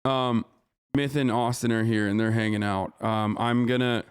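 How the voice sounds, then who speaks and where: A man's voice: medium pitch, steady tone, moderate pace, clean tone. A man streaming a reaction to a news story, heated and profane, repeating himself and asking "okay?" often. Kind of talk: livestream reaction commentary.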